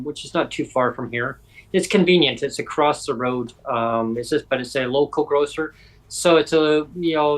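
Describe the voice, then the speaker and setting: A man from Canada hosting a podcast, telling a story casually and acting out the voices he quotes. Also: medium pitch. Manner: animated, acts out quoted voices. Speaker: podcast host. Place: home.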